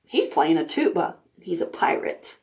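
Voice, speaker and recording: Slow, gentle librarian reading to preschoolers. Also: female voice, low voice. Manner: slow, animated, pointing out pictures to children. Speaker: children's librarian. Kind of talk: reading a picture book to preschoolers.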